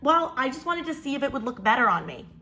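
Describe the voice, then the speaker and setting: A woman's voice: high voice, very animated, fast talker, bright, forceful tone, exaggerated voice. A woman voicing her careless, dismissive younger sister in a breezy, offhand way. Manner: breezy, offhand, self-satisfied.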